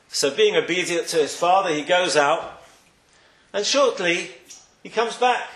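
At a moderate pace, a man with a slightly high, somewhat bright voice preaches as a rabbi in an echoey room. His storytelling features acted-out quotations and emphasis that rises and falls heavily.

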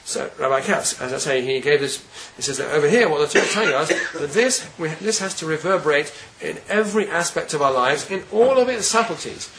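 A man giving a Torah lecture, earnest and deliberate, often repeating words while he searches for the next phrase. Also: fairly high pitch, expressive, fairly bright tone, slight background noise, poor audio. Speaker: rabbi giving a Torah class.

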